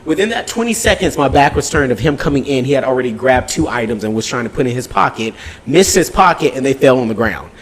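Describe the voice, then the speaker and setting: A male podcast host telling a story in casual, animated talk, swearing freely and acting out the dialogue. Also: mid-range voice, quick pace. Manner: animated, profane, acts out dialogue.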